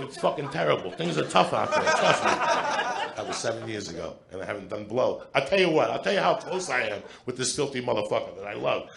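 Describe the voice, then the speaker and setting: A middle-aged man telling a profane, animated story as a stand-up comedian on a club stage into a handheld mic. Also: mid-range voice, gravelly, heavy background noise. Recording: live club with audience laughter. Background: audience laughter.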